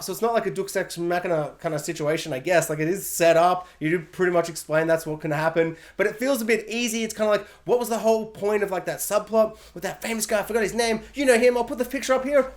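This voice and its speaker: A chatty film reviewer rambles through a spoiler review, full of fillers and asides. Their voice swoops up and down, and they keep acting out scenes in silly voices. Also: mid-range voice. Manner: animated, acts out scenes in silly quoted voices. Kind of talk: casual spoiler review monologue.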